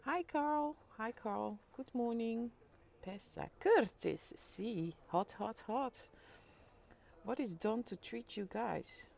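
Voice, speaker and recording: A woman's voice: a little high, takes it slowly, creaky. Chatty woman live-streaming from her window. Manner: chatty, reads viewer comments aloud, bursts into excited squeals. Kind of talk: casual live-stream chat greeting viewers. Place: home by a window overlooking a city street.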